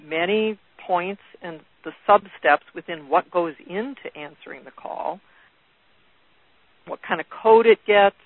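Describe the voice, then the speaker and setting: A woman presenting a training webinar in a conversational, halting way. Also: lowish voice, dry recording. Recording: dry, phone-like call audio.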